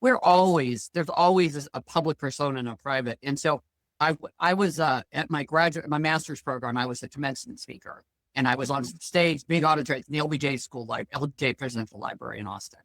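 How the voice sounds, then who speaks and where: A woman's voice: a bass voice, brisk, no echo. A middle-aged woman, a financial planner guest, talking bluntly and telling stories in a casual interview. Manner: lively, blunt storyteller.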